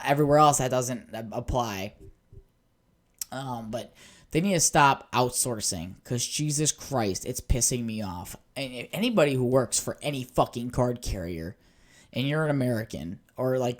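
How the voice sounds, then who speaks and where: A man talks alone on his own podcast, drifting from one thought to the next. He swears freely and quickly gets fired up and exasperated. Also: medium pitch. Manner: rambling, profane, easily worked up. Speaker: podcast host. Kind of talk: casual solo podcast rambling.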